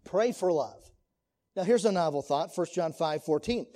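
A man delivers a sermon-style lesson to a church class, earnest and questioning. His voice sits high for a man yet sounds mellow and warm rather than bright. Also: expressive, moderate pace. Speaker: Sunday school teacher.

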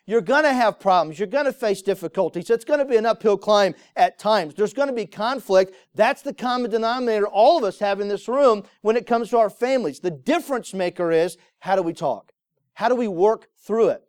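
A man preaching to his congregation in a relaxed, storytelling way, often pausing with fillers. His voice is fairly high, smooth and clear. The sound is close and dry. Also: no room sound. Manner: conversational, storytelling, frequent "uh" fillers. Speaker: pastor. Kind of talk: sermon. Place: church sanctuary with congregation.

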